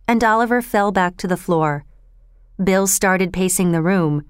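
Woman narrator, storybook reading, slow, smooth resonant voice, dry close sound. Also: lowish voice, no room sound. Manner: slow, clear and even. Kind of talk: storybook read-aloud.

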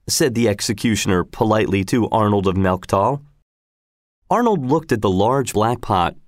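A man narrating a storybook aloud in a measured, expressive way. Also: lowish voice, no echo, clean studio sound.

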